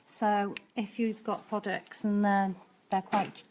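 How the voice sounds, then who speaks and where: A woman's voice: medium pitch, level tone, a little slow, a little mellow, a little hiss or hum. A woman nail technician and educator giving a chatty, practical live-streamed nail art demonstration, with frequent ums as she works.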